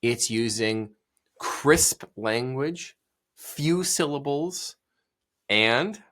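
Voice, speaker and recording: A man's voice: medium pitch, animated, drawn-out words, fairly bright tone. A man hosting a solo podcast, talking casually and emphatically with many fillers and restarts, and reading a passage aloud. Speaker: podcast host.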